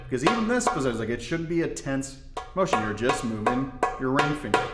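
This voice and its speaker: Relaxed man teaching drum technique. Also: medium pitch, fairly quick, roomy sound, over loud music. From Indiana. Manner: relaxed, explanatory, folksy asides. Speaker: darbuka teacher. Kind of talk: instructional demonstration.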